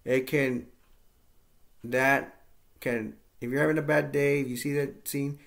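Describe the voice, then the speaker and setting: A man's voice: mid-range voice, fairly even intonation, a little slow, creaky, a bit bright. A man casually recapping and reviewing a movie, rambling with lots of fillers and getting enthusiastic.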